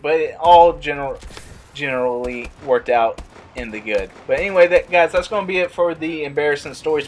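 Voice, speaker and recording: A young man vlogging, telling a casual story and acting out the quotes in a higher voice. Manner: animated, acts out quotes in a higher voice.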